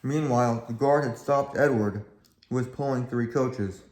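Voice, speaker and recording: A man with a mid-range, slightly mellow voice reads a children's railway storybook aloud at a moderate pace. His delivery is plain and has small slips. The room is echoey, with faint background noise.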